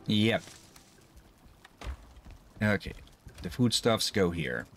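Gaming streamer, man, low unhurried voice, relaxed and chuckly. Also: soft background music. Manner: relaxed, laughs often, thinks aloud. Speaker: streamer playing a co-op game. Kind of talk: casual gaming chat.

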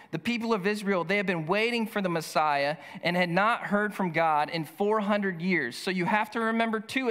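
A male pastor preaching a sermon, reading scripture slowly and speaking in an earnest, emphatic way. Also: high voice, a bit bright. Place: church sanctuary. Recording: long church hall reverb.

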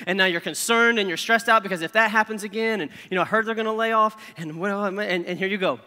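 A middle-aged man, preaching a sermon with animated, self-deprecating storytelling and acted-out inner voices. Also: high voice, fast, hardly any pauses. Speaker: pastor. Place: large church hall. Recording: reverberant hall.

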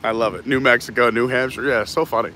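A man's voice: mid-range voice, steady tone, fast talker, pushed and bright, slight background noise, low-quality recording. A man hosting a live stream while walking outdoors, chatting casually, reading viewer comments and laughing often. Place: outdoors in a theme park, walking.

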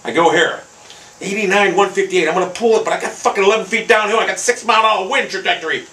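A man commentating his own golf video game play, swearing constantly and bursting into frustrated shouts. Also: high-pitched, fast, low-quality recording. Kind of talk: casual gameplay commentary.

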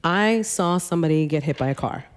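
A woman doing stand-up comedy, telling a story in an animated, chatty way full of asides, on a comedy club stage with a handheld mic. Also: low-pitched, fairly quick, background noise. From New York City.

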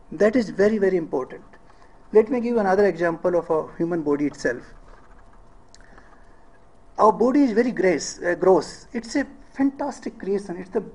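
A man's voice: sits high, darkish tone, slightly rough, rough recording. A middle-aged man with an Indian English accent giving a public lecture, often asking the audience questions and checking in with "eh?". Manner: rhetorical questions, asks audience "eh?".

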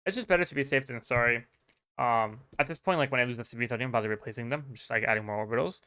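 A man giving relaxed, chatty commentary over a game replay as a coach, with many fillers. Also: mid-range voice, very fast. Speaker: StarCraft player and coach.

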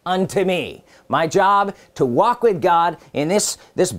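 A man's voice: high voice, animated, slow, fairly bright tone. Emphatic preaching man. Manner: emphatic, repeats key phrases, asks rhetorical questions; reads scripture in older formal wording. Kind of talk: sermon.

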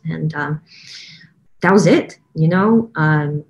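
A woman's voice: deep voice, takes it slowly, a little mellow. A woman with a Russian accent talking casually as a choir director, with many fillers and restarts. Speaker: choir director promoting a training program. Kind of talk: casual promotional talk.

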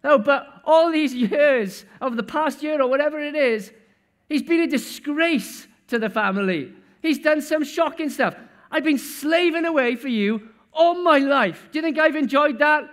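A man preaching a sermon acts out an angry, resentful grown son shouting at his father about his brother's return. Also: medium pitch, pitched below the performer's own voice, natural voice. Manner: indignant, shouting.

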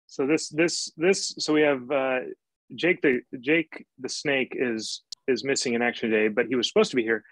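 A man's voice: medium pitch, steady tone, moderate pace, fairly bright tone, dry recording, poor audio. A man from Spokane, Washington, hosting a casual discussion, rambling and repeating his words. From Spokane, Washington, USA. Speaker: host. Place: Scotland.

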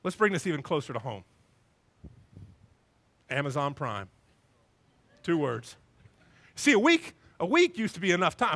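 A male pastor preaching a sermon in a church, animated and acting out little scenes in different voices. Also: fairly high pitch, normal speed, pauses often.

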